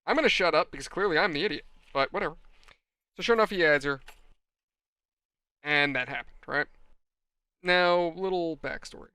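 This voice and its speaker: Bright, crisp, animated male storyteller. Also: a little high, moderate pace, long pauses, dry recording. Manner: animated, exasperated storyteller, addresses viewers. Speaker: hobby channel host. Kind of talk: rambling anecdote while model building.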